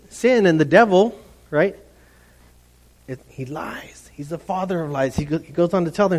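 A middle-aged pastor preaches a lively sermon to his congregation, his voice sitting high. He's animated and playful, often mimicking other voices.

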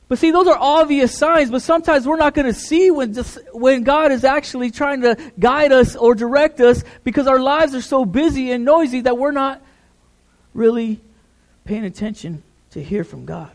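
A man's voice: very high-pitched, lively intonation, normal speed. A middle-aged man, a pastor, preaching a conversational sermon, repeating words as he builds emphasis.

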